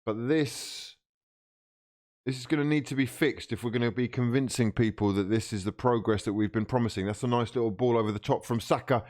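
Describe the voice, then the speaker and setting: Reacting live to a football match on his stream, this fan swears in frustration and shouts at the players in bursts. He speaks at a medium pitch and a fairly quick pace.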